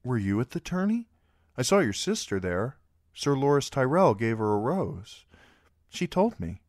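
A man's voice: medium pitch, very animated, unhurried, a little mellow, no echo, clean studio sound, pitched above the performer's own voice. A man voicing a shy, polite boy squire and young lord in a storybook reading, earnest and a little hesitant. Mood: awkward.

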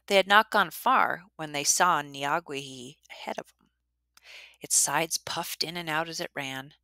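Low-voiced woman storyteller, bright and dry. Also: vocal fry, no echo. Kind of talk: traditional story narration.

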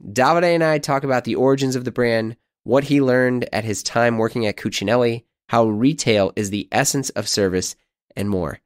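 A man's voice: mid-range voice, moderate pace, no room sound, studio quality. A man hosting a podcast, introducing his guest and chatting in an easygoing, riffing way. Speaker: podcast host. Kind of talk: podcast interview.

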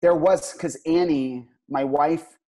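A man talking as a podcast guest, relaxed and laughing along as he tells how he got a part. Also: fairly high pitch, slow pace. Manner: relaxed, laughs along, retells past talks. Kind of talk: casual interview chat.

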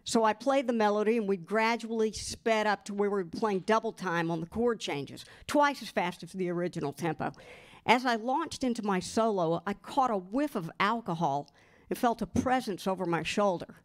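A woman reads a memoir aloud at a mid-range pitch. Her delivery is expressive and lively, and she gives the quoted lines their own voices. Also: normal speed. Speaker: guest reader.

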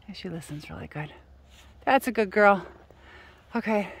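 A husky, expressive woman's voice comes at normal speed with frequent pauses, and there's no room sound. She's a vlogger hiking uphill on an outdoor hill trail, rambling breathlessly to her phone camera and yelling for her dog in high shouts.

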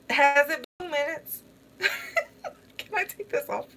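A young beauty vlogger wearing a face mask vlogs casually, giggling often as she reacts to a movie and to her chat's comments. Her voice is high, and the background is noisy.

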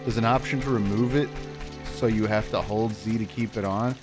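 Relaxed low-voiced man chatting while gaming. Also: normal speed. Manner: relaxed, chatty, reads and answers chat. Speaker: streamer. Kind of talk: casual live-stream gameplay chat. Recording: game music behind the voice.

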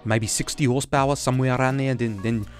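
A man's voice: medium pitch, fairly even intonation, quick pace, soft background music, natural voice. A man doing a put-on South African accent to voice a laid-back young racer. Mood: easygoing.

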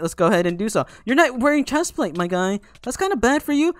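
A young man giving excitable, jokey live commentary over a game, teasing the players he fights. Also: high voice, brisk, dry recording. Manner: excitable, jokey, talks to opponents. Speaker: gaming YouTuber.

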